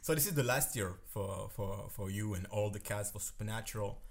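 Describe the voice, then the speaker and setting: A man whose first language is French, hosting a podcast in casual chat on a call, halting and repeating words with excitement. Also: fairly low pitch, vocal fry. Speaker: podcast host.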